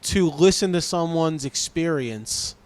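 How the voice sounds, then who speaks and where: Podcast guest, male comedian, halting and earnest, slightly raised voice. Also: on the high side, lively intonation. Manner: halting, repeats words while searching. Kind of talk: casual conversation.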